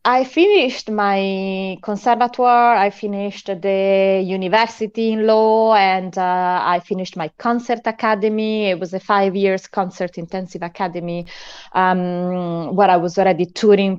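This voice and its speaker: A middle-aged Italian woman with a clear Italian accent tells stories in a lively, chatty way. Her voice sits at an average pitch for a woman. The sound is dry and a little dull, like audio from an online call. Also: unhurried, no room sound. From Italy. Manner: animated storytelling with frequent laughs. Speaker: guest, academy founder. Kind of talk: conversational interview.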